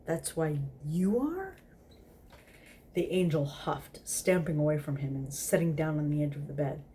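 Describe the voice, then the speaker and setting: A woman's voice: low voice, steady tone, brisk, warm tone, a little hiss or hum. A woman casually reading a story aloud, stumbling and repeating words, with giggly asides. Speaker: host reading fan fiction aloud.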